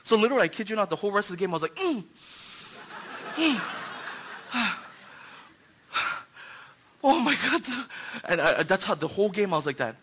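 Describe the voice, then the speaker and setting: A young man preaching a sermon, animated, acting out little scenes and swinging from hushed lines to loud ones. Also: high-pitched, very fast, few pauses, slight background noise. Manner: animated, acts out voices, swings from hushed to shouting. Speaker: pastor.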